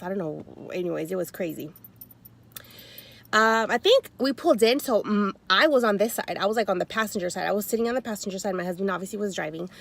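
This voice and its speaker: A woman telling a story in a chatty, animated, slangy way, sitting in her car. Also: mid-range voice, fairly quick, vocal fry. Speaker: vlogger. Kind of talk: story time vlog.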